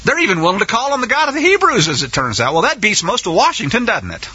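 A male preacher delivers a sermon in a sarcastic, animated way. His voice is high and swings widely in pitch, with a very bright, husky tone. The recording is dull and lo-fi. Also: very fast, few pauses.

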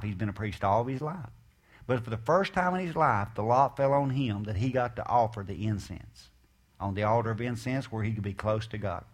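A man of middle pitch delivers a sermon, reading scripture and then explaining it. He presses his points with rhetorical questions and emphasis, then drops into softer asides. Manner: swings between raised emphasis and quiet asides. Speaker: preacher.

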